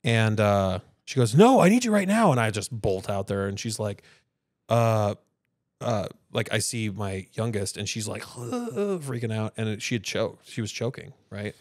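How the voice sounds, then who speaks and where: A man's voice: fairly low pitch, unhurried, no room sound, clean studio sound. A father co-hosting a podcast in casual chat, rambling through stories and acting out what people said. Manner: rambling storyteller who acts out quotes in other voices.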